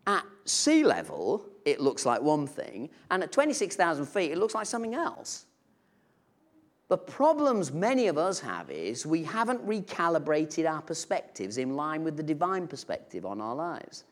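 A man delivers a church sermon in a conversational, good-humoured way. His voice sits a little high and moves through an animated, wide-ranging pitch. He drops in playful asides. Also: moderate pace. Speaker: preacher.

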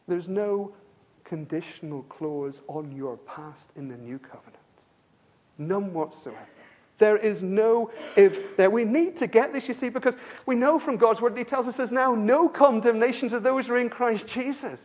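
A man preaching a sermon, emphatic and repetitive, asking the congregation rhetorical questions and swinging between loud stresses and quiet passages. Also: sits high, expressive, moderate pace.

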